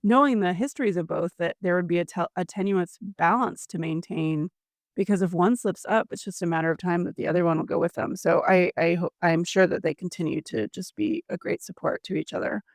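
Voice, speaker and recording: A woman's voice: lowish voice, brisk, creaky, dry recording, studio quality. A woman co-hosting a podcast, chatting and recapping a story with sympathy. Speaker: podcast co-host. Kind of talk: casual chat.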